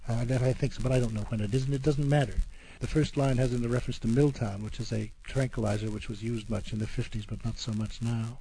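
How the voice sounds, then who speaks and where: A man reading a poem aloud and then talking about it, halting and repeating words as he explains. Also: medium pitch, steady tone, mellow, husky, rough recording. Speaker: poet and guest discussing poetry. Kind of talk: poetry reading and discussion.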